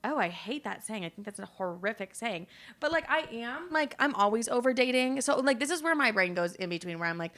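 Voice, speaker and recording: A woman's voice: fairly high pitch, animated, fairly quick, a bit bright. A young woman hosting her own podcast, talking candidly in a casual solo monologue, rambling with lots of fillers and frequent swearing. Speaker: podcast host.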